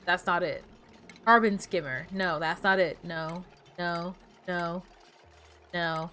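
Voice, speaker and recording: A woman's voice: fairly low pitch, steady tone, slow, sharp tone, slight background noise. A woman streaming a game, chatting casually, muttering to herself and breaking into playful outbursts.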